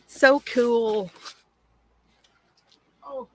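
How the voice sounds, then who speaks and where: A woman's voice: a little high, steady tone, drawn-out words, a bit bright. A woman hosting a casual crafting livestream, chatty and gushing as she answers viewer comments from home.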